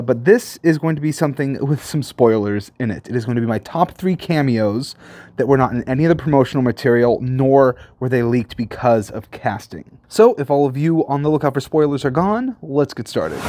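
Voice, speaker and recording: A man casually talking through his favorite film moments with excitement. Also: mid-range voice, moderate pace, dry recording. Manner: enthusiastic, gushing. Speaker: movie reviewer.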